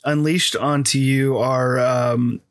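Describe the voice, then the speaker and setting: A man's voice: mid-range voice, little pitch movement, slow, no echo. An American man hosting a casual podcast chat, rambling with lots of fillers and easy laughs. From United States. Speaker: podcast host.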